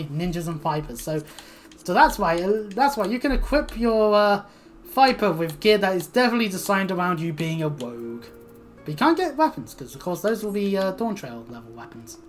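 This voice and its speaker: Woman streamer rambling through gameplay, lots of ums, trails off, faint music behind. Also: lowish voice. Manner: rambling, filler-heavy, trails off quietly. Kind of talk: casual gameplay commentary.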